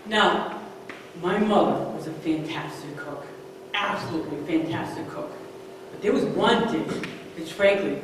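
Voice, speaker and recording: A woman in her fifties telling a personal story on stage, animated, moving between hushed asides and emphatic outbursts. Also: lowish voice, normal speed, a little hiss or hum. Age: 50s. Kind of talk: live storytelling performance. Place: stage in a large hall. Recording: echoey hall, far-off mic.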